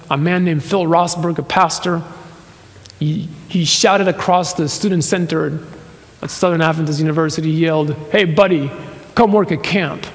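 A man in his fifties preaching a sermon in a church hall, telling a personal story with laughs and quoted voices. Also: fairly high pitch. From Nicaragua and the US. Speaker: pastor.

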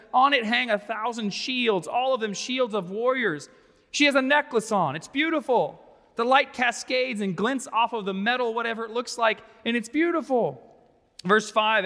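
A man's voice: high-pitched, bright, forceful tone. A man pastor giving a sermon, conversational with wry asides, in a church sanctuary. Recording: long reverb of a large sanctuary.

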